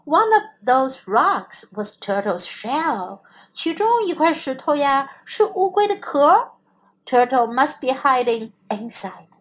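Expressive woman reading a children's story. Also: high voice, slow. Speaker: English teacher.

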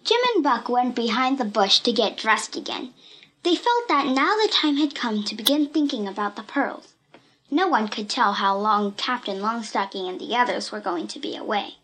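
A woman narrating a children's story in a lively, expressive reading. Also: fairly high pitch, moderate pace.

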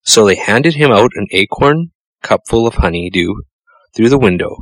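A man narrating a children's storybook in a measured, gentle storytelling manner. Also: lowish voice, lively intonation, dry recording, low-quality recording. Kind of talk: storybook reading.

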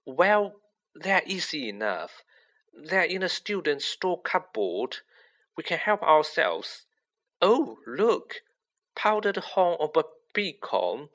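A man doing a shrill, bossy schoolgirl. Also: takes it slowly, exaggerated voice. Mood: brisk. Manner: breathless, excited.

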